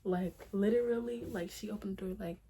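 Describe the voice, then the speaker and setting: A woman's voice: mid-range voice, fairly even intonation, a little fast, mellow, slight background noise. A young woman vlogger telling a personal story to viewers in a dramatic, profane way, with frequent asides to them. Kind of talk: storytime vlog.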